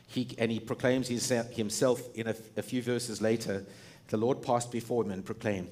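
Speaking at a moderate pace with a medium-pitched voice, this middle-aged man preaches as a pastor. He's lively and chatty, often laughing and starting his sentences over.

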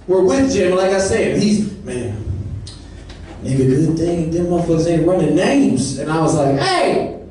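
A man from Saint Louis doing a stand-up set, telling a story with animated delivery and acting out the people in it. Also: a little high, moderate pace, heavy reverb, far from the mic, slight background noise, poor audio. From Saint Louis, Missouri. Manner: animated storytelling, acts out the people in his stories. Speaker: stand-up comedian.

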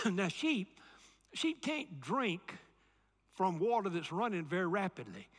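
A man's voice: high-pitched, a bit bright. Southern man preaching in a reverberant hall. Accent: Southern American. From Alabama, USA. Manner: emphatic preaching, repeats key phrases, calls for audience response. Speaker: pastor. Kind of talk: sermon.

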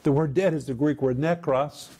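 Emphatic preacher explaining Greek words. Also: male voice, on the high side, steady tone, moderate pace, warm tone, a little hiss or hum. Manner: expounds Greek word meanings with emphatic repetition. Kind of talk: sermon teaching.

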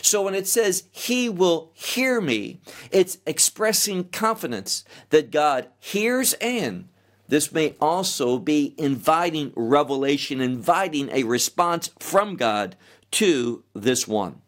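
A middle-aged male pastor teaching an expository sermon verse by verse, in a measured, deliberate way. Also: a little high, lively intonation.

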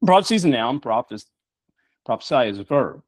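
A man's voice: mid-range voice, big pitch swings, normal speed, no echo. A middle-aged man hosting a show, preaching emphatically with rhetorical questions. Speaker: show host. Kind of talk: preaching talk-show monologue.

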